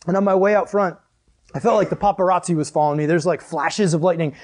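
A young man preaching to a youth group, telling a story with lively acted-out exclamations and then reading scripture. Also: high-pitched, fast. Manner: animated storyteller, acts out dialogue with loud exclamations. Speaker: youth pastor.

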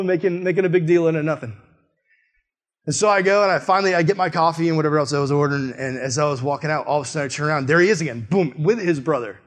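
A young man, a missionary, preaching a sermon through a personal story in a casual way, full of "like", and jumping high and loud when he acts out his own reactions. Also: racing. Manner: animated storytelling, often rising high and loud in quoted outbursts; casual, peppered with "like".

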